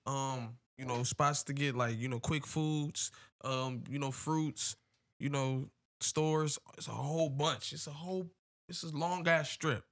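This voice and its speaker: A man's voice: a little high, steady tone, a little slow, fairly bright tone. A man from telling a long story on a casual podcast, rambling with lots of fillers and slang. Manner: rambling, many "you know" fillers, slangy. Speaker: podcast co-host.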